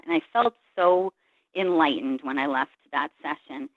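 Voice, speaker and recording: A woman's voice: deep voice, normal speed, dry recording. Woman, reflective storyteller, acts out others' lines, tinny phone-line sound, dry. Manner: earnest, reflective, retells scenes by voicing others' words. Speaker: guest, Reiki practitioner. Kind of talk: personal storytelling in a call-in interview.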